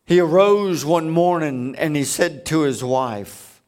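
Male preacher, slow and emphatic, storytelling sermon, fairly high voice. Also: darkish tone.

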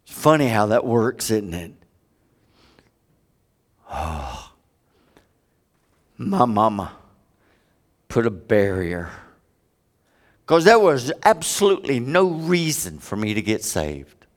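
A man preaching a sermon, with big dramatic swings from loud high peaks to hushed low stretches. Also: very animated, slow pace, long pauses.

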